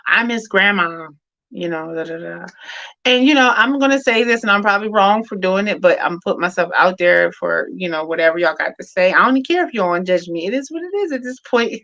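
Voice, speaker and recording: A woman's voice: medium pitch, expressive, fast talker, fairly bright tone, muffled recording. A middle-aged woman hosting a grief discussion in casual, heartfelt chat, candid and rambling with many fillers and restarts. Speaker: host of a women's grief discussion.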